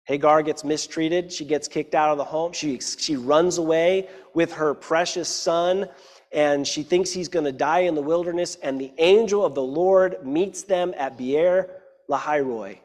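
A man delivers a sermon, alternating between scripture reading and explanation. His voice sits a little high for a man. A long reverb trails each phrase, as in a large hall. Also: a little slow, a little mellow. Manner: reads scripture then explains it, with frequent "right?" asides. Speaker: preacher.

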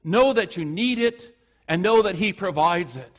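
A man's voice: lively intonation, moderate pace. Earnest male preacher, muffled recording. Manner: earnest preaching, rising for emphasis then dropping low and soft. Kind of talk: sermon.

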